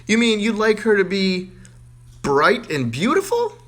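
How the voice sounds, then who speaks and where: A man voicing an indignant female schoolteacher with a shrill, scolding manner. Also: huge pitch swings, a little slow, heavily acted. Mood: prodding.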